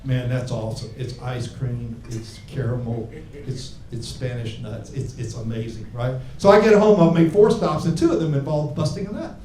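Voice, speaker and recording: A man's voice: medium pitch, moderate pace, distant mic, noisy background. A man from Alabama doing a crude, brash stand-up set with a handheld mic on a club stage. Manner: crude, brash, rambling punchlines with audience laughter. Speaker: stand-up comedian. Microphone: handheld microphone. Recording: echoey room, heard from afar. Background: audience laughter.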